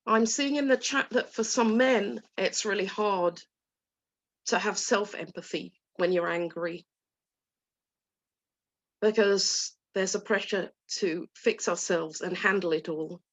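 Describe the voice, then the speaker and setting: A woman coach talking gently and soothingly to an online group, voicing soft inner dialogue. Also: medium pitch, slow. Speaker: guest coach. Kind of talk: talk to a live online group.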